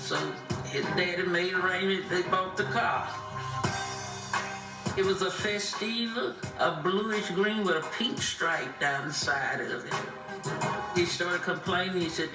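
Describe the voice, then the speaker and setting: A woman's voice: on the low side, unhurried. A woman, a player's parent, telling a family story in an amused, folksy way. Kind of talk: anecdotal interview. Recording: distant roomy sound with loud music.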